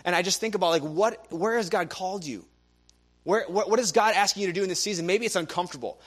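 A man's voice: high voice, fast talker, fairly bright tone. A young man preaching a sermon, telling stories animatedly and acting out the people he quotes. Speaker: guest preacher.

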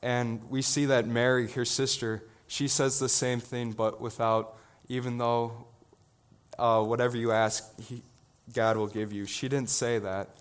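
A teenage boy preaching a sermon in an earnest, halting way, with many restarts. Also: mid-range voice, level tone, clear, resonant tone. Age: teens. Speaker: student preacher.

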